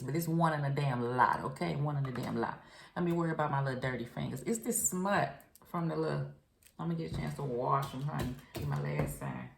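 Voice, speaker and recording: A woman reads tarot cards in a chatty, frank way, talking straight to her viewer with pet names. Her voice sits low and has a gravelly edge. The sound bounces around an echoey room. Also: fairly bright tone. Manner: frank, chatty, addresses viewer directly with endearments. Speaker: tarot reader. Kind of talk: casual tarot reading to camera.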